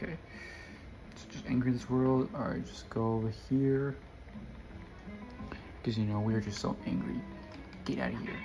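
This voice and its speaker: A man's voice: medium pitch, gravelly. A young man giving casual, rambling gameplay commentary and chatting to his viewers. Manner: rambling, self-correcting, addresses viewers. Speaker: gamer.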